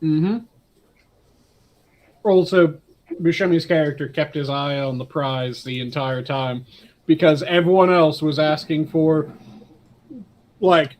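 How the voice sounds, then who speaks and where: A man with a slightly high voice chats on a podcast. He is blunt and terse and mostly answers with short agreements. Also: takes it slowly, long pauses, darkish tone. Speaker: podcast co-host. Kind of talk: casual chat.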